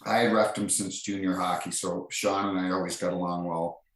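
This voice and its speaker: A man's voice: low voice, flat delivery, moderate pace, a little hiss or hum. A middle-aged man, a retired referee, telling stories as a podcast guest in a chatty, rambling way with many fillers and restarts. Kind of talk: casual anecdotal storytelling. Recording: roomy echo.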